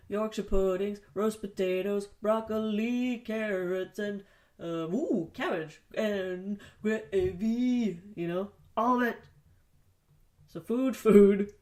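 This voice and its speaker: A woman's voice: medium pitch, a little mellow. A woman hosting a solo podcast in a casual, rambling way, swearing often and joking at her own expense. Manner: profane, rambling, self-deprecating. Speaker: podcast host. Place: home basement studio. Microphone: studio mic, spoken into its wrong side.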